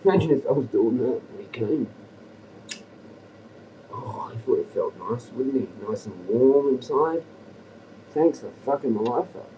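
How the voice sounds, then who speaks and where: A man's voice: medium pitch, expressive, a little slow, pauses often, dark tone, distant mic, slight background noise, rough recording. An Australian man rambling and ranting on a livestream, profane and agitated.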